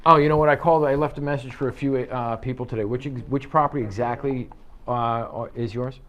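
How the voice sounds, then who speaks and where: A man's voice: medium pitch, fairly even intonation, brisk, highs cut off. A man teaching a real estate sales class in an office, acting out phone calls in quoted voices. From United States. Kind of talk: office training talk.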